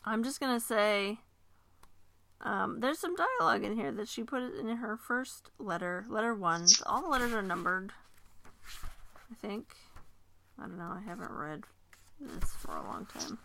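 Woman co-hosting a book podcast, bright clear voice, middle pitch, chatty, reads bits aloud and cracks dry little asides. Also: lively intonation, a little slow, long pauses. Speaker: podcast co-host. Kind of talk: casual book chat.

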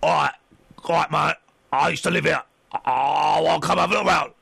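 A man doing a loud brash bloke. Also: a little high, fairly even intonation, normal speed, vocal fry, husky, full character voice. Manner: loud, blunt, matey. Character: big tattooed bloke on a doorstep, brash.

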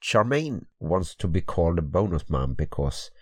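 Deep, groggy man with a Swedish accent. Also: sing-song, darkish tone, dry recording. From Sweden. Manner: halting, hesitant in English. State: groggy, just woke up. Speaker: podcast co-host. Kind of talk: casual podcast chat. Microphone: podcast microphone.

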